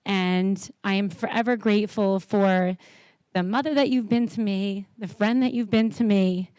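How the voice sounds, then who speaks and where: A woman's voice: medium pitch, steady tone, unhurried, a little mellow, no echo. A woman in her thirties giving a heartfelt, rambling wedding toast.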